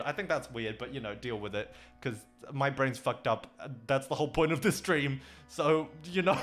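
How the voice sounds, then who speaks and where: A man's voice: on the high side, a bit bright. A young Australian man chatting casually on a livestream, rambling, swearing and laughing often. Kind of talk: casual chat stream. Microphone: desk microphone.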